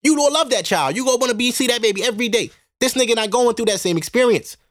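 A man's voice: very high-pitched, expressive, fast, a bit bright, no room sound, studio quality. A man hosting a casual solo podcast, talking bluntly and profanely to his listeners and laughing often. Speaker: podcast host.

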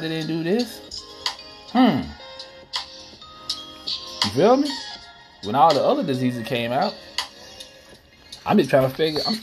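A man's voice: a little high, vocal fry. Ranting man with music behind. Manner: profane, rhetorical, addresses listeners as y'all. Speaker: podcast host. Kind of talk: casual solo rant. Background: music playing.

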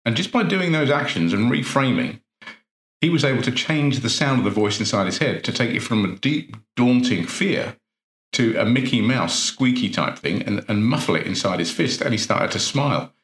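A man's voice: medium pitch, lively intonation, a little fast, a bit bright. A man, an NLP coach, giving an earnest motivational talk full of rhetorical questions and repeated phrases. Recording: roomy echo.

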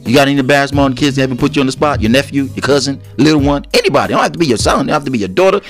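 A man co-hosting a casual couple's chat, telling animated stories, acting out quotes and laughing often. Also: medium pitch, rapid-fire, soft background music. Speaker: co-host.

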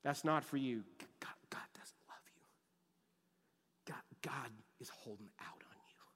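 A man's voice: mid-range voice, measured pace, fairly bright tone, in a large hall, voice pushed down, close to an everyday voice. A man voicing a cruel whispering male tempter spirit in a whispered role-play, with a hissing, taunting whisper.

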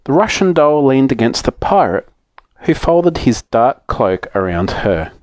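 A man reading a children's story aloud with gentle, expressive storytelling. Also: medium pitch, a little slow, no echo.

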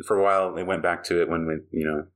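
A man with a low, fairly bright voice races along in a steady tone. Hosting a podcast in casual conversation, he rambles and laughs often.

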